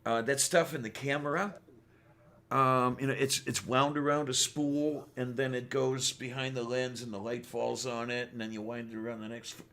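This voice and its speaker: A man co-hosting a casual talk show, speaking with frequent pauses, ums and restarts. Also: mid-range voice, flat delivery, bright, forceful tone. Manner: hesitant, many ums and restarts. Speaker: podcast co-host. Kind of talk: casual chat.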